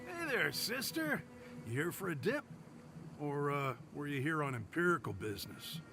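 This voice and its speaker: An actor with a Southern US country accent playing a laid-back former gunrunner in video game dialogue, talking in a lazy, teasing drawl. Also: male voice, fairly high pitch, very animated, normal speed, creaky, music in the background.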